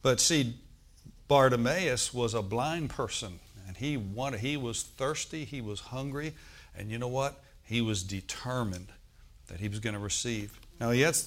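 A male pastor delivers a lively sermon, calling out to his congregation for responses. He swings from loud, rising bursts to quiet, low asides, and his voice sits at an ordinary pitch for a man. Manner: energetic preaching, calls for congregation response, swings between loud and soft.

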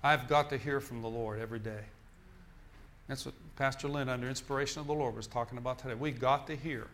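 A man's voice: mid-range voice, steady tone, quick pace, fairly bright tone, slight background noise. A male minister preaching a sermon in an emphatic, repetitive style, often restarting his phrases.

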